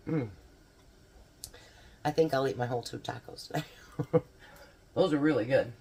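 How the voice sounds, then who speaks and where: Low-voiced chatty woman cooking at home. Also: moderate pace, long pauses, a little mellow, husky. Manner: chatty, homey, talks while eating and tasting. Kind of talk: casual cooking chat to camera.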